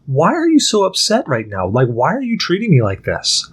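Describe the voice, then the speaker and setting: A man voicing his pet male house cat as a casual, indignant dude, with a husky voice. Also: on the high side, huge pitch swings, moderate pace, exaggerated voice.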